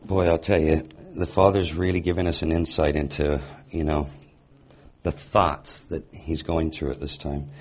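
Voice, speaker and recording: A man gives a sermon in a very deep, husky voice. He reads scripture aloud, then pauses to reflect on it. He keeps asking his listeners rhetorical questions. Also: little pitch movement, darkish tone. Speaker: Bible teacher.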